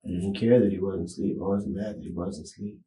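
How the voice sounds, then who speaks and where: A man being interviewed in a small room, talking in a halting, rambling way full of street slang. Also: deep voice, steady tone, mellow. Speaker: interview subject. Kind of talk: police interrogation recording. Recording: echoey room, camera mic.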